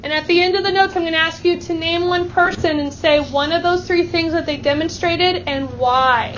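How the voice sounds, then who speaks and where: High-voiced woman teaching a math class. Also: normal speed, fairly bright tone, lo-fi sound, a little hiss or hum. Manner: upbeat, leads call-and-response chants. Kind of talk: classroom instruction.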